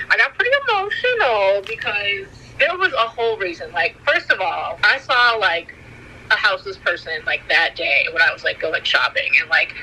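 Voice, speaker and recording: A woman's voice: mid-range voice, bright, forceful tone, a little hiss or hum, rough recording. A woman friend on a phone or video call, chatting casually in a rambling way, with lots of "like" and casual swearing. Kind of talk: casual chat.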